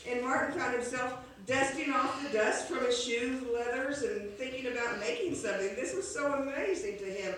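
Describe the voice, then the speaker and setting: A woman telling a classic story aloud, unhurried and homespun, sometimes restarting a phrase. Her voice carries through a very echoey room from a mic set well back. A faint ambience hums underneath. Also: high voice, fairly bright tone, far from the mic, a little hiss or hum. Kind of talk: oral storytelling of a classic tale.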